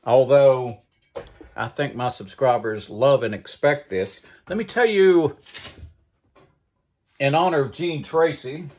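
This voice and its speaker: A man hosts a morning show, reading out jokes in a folksy storyteller's manner. His voice is husky and he takes his time. His pitch rises and falls a great deal. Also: lively intonation, takes it slowly, long pauses, darkish tone. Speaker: host. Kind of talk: casual joke reading.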